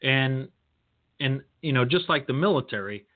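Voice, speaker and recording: A man hosting a podcast, giving career advice in a deliberate, lecturing storytelling manner. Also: medium pitch, expressive. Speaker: podcast host. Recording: tinny phone-line sound.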